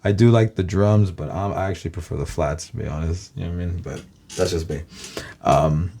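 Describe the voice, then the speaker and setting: Deep-voiced la guy, californian accent, rambling on to his viewers, swears a ton, keeps saying guys. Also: brisk, vocal fry, mellow. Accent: Californian American. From Los Angeles, USA. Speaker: vlogger. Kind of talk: casual rambling monologue.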